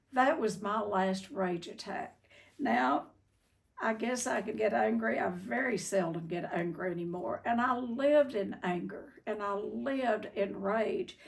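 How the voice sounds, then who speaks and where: An older woman tells a personal story in a candid, folksy way, her voice gravelly with fry. She sounds a little distant from the microphone. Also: mid-range voice. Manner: folksy, candid, frequent "uh" and "I mean". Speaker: treatment center owner telling her story.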